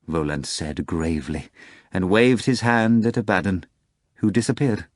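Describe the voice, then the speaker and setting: Low-voiced male audiobook narrator. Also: normal speed, no room sound, studio quality. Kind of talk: scripted narration.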